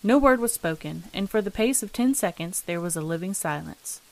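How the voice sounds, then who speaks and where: A woman narrating a classic ghost story as the host of a reading show, in a measured, steady manner. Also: mid-range voice.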